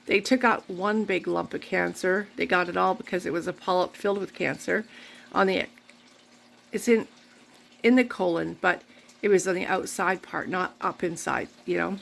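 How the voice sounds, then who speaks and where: Gravelly-voiced woman telling a candid personal story. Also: on the low side, fairly even intonation, normal speed, fairly bright tone, a little hiss or hum. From Canada. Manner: rambling, candid, faith-filled. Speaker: vlogger.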